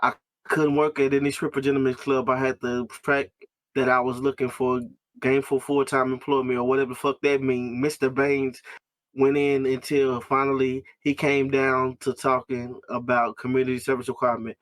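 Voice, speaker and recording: A man's voice: mid-range voice, level tone, moderate pace, no room sound. A man from the United States, co-hosting a podcast, who reads a novel aloud and jokes about it, laughing often and swearing freely. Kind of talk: casual podcast chat and dramatic reading.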